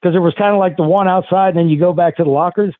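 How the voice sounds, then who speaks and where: Guy with a high voice ranting about old feuds, cussing a lot, dry sound. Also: steady tone, rapid-fire, dry recording. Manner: profane, heated, rambling. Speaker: podcast guest. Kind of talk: casual storytelling. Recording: tinny phone-like sound.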